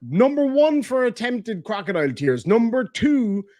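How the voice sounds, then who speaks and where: A man's voice: very high voice, big pitch swings, unhurried, a little mellow. An Irish man giving mocking, chatty live-stream commentary and talking to his chat. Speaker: streamer reacting to court videos.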